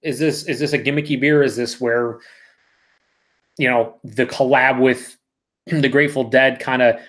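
A man's voice: medium pitch, steady tone, a little slow, a bit bright. A man hosting a live beer review, talking casually and reading out viewer comments, rambling and correcting himself.

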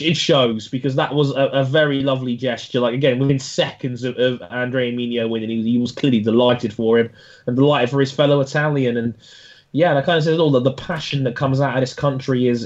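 A man's voice: medium pitch, fairly even intonation. A man with a mid-range voice praises riders with eager, stop-start enthusiasm. The recording sounds dull and lo-fi. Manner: enthusiastic, halting with restarts. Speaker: podcast co-host. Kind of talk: casual motorsport chat.

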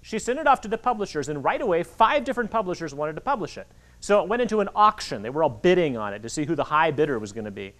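A man in his forties giving an animated talk to children at a library, acting out the voices in his stories. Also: on the high side, quick pace. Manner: animated storytelling, acts out quoted voices. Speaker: author speaking to kids. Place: public library hall. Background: audience of children.

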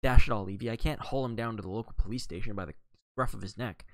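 A man reading a novel aloud, voicing a helpless, mild-mannered Englishman who tries to calm others. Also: on the low side, fast, no echo, natural voice. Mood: placating. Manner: mild and placating. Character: helpless, placating Englishman of the house.

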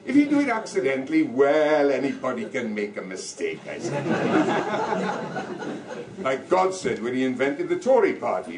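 A man's voice: medium pitch, huge pitch swings, moderate pace, over a noisy crowd. An older man giving a comic political speech with no microphone, mocking and punchy, playing for laughs before an audience. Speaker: political speaker. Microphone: no microphone, recorded from far off. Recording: echoey hall from far off, noisy.

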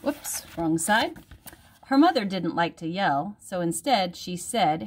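A woman, a teacher, reading a picture book aloud at home for her class in a gentle storytelling manner. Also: on the low side, very animated, takes it slowly.

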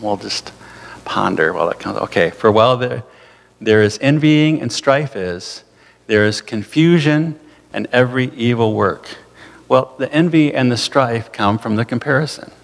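A man's voice: medium pitch, normal speed, gravelly. A man preaching a sermon in a church, in a loose, conversational way with asides to the congregation. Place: church sanctuary. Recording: hall reverb from a church.

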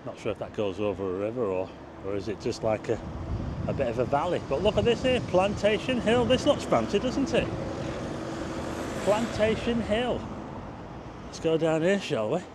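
A man's voice: medium pitch, expressive, a little fast, background noise. A man narrating a casual walking tour, chatting to his viewers and exclaiming at what he sees. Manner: chatty, addresses viewers as folks, exclaims at sights. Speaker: travel vlogger. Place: outdoors on town streets.

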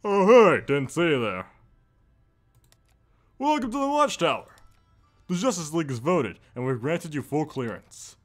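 A man's voice: on the high side, big pitch swings, a little slow, long pauses, soft background music, pitched above the performer's own voice. Cyborg, an earnest superhero, as a man puts him on. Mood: friendly. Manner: earnest, stumbles over words while reading. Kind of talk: reading game dialogue aloud.

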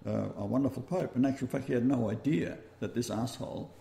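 A man with an Australian accent hosting a talk-radio show, rambling and halting as he goes. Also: mid-range voice, gravelly, dark tone, reverberant. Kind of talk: casual talk-radio chat.

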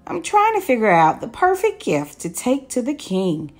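A woman's voice: a little high, wildly swooping pitch, normal speed, soft background music, pitched above the performer's own voice. Eager little bear cub, as a woman reads him. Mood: earnest. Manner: earnest, stammers when nervous.

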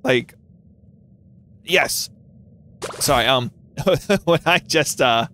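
Excitable giggly young man gaming. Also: fairly high pitch, very slow, long pauses, slight background noise. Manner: excitable, giggly, squeals and shouts in bursts. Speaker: gaming YouTuber. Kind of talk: live gameplay commentary.

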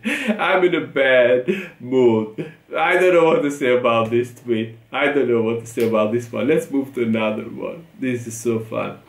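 A man's voice: mid-range voice, moderate pace, gravelly. A man with an Italian accent hosting a reaction video, reading tweets aloud, laughing often and repeating short phrases. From Italy. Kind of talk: reacting to tweets, casual chat. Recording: echoey room.

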